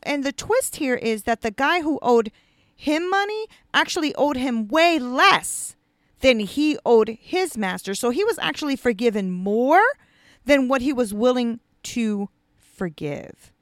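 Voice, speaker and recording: A woman's voice: sits high, lively intonation, unhurried, dry recording, studio quality. A woman giving a casual devotional teaching, talking conversationally with lots of fillers and restarts. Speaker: speaker retelling a parable.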